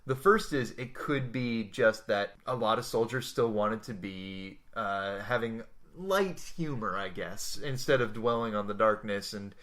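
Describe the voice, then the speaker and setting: A man's voice: on the low side, unhurried, few pauses, fairly bright tone. A man co-hosting a podcast, chatting casually about comics and war history with thoughtful tangents. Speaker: podcast co-host.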